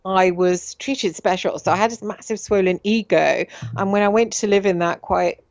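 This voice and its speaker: A woman's voice: mid-range voice, normal speed, a little mellow, no room sound, lo-fi sound. A middle-aged woman hosting a radio show, talking in a rambling, confiding way with many fillers and repeated words. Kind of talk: casual monologue.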